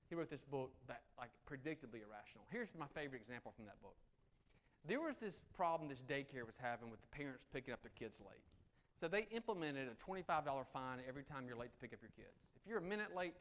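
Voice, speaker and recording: A middle-aged man giving a live negotiation seminar, swinging between loud emphasis and soft, low asides. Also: expressive, quick pace. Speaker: negotiation speaker. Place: meeting room with audience.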